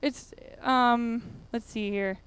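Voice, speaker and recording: Woman, conference speaker, high voice, chatty with lots of "like"s, very clear sound. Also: fairly even intonation, slow, a bit bright. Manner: chatty, many fillers and "like"s. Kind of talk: casual conference talk. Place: conference room.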